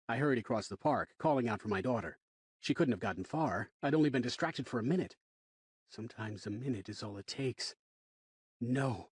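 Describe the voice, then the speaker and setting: A man narrating a first-person horror audiobook in an expressive, wry way. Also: mid-range voice, husky, no echo.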